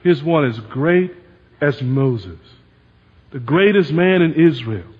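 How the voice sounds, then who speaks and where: Pastor, male, high-pitched, lively preaching, dull hall recording. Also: takes it slowly, slightly rough. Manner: animated, acts out quoted voices. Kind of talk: sermon.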